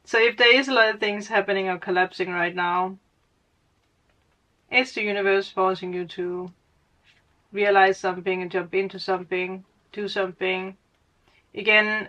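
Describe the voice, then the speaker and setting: A woman's voice: medium pitch, little pitch movement, moderate pace, pushed and bright, lo-fi sound. A woman giving a casual spiritual reading as a tarot reader, rambling, laughing often and correcting her own words. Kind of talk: casual spiritual guidance monologue.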